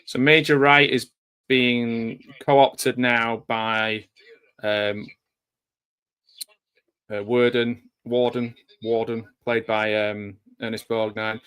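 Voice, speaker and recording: A man's voice: mid-range voice, little pitch movement, takes it slowly, fairly bright tone, smooth. Man rambling over a film. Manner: rambling, conversational, nostalgic asides. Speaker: film commentator. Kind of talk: live watch-along commentary.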